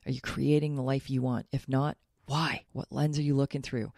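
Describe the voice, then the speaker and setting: Earnest woman with a gravelly voice. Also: extremely low pitch, flat delivery, moderate pace, hardly any pauses, darkish tone, dry recording, studio quality. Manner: earnest, self-revealing, upbeat. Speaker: podcast host and life coach. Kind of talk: solo podcast monologue.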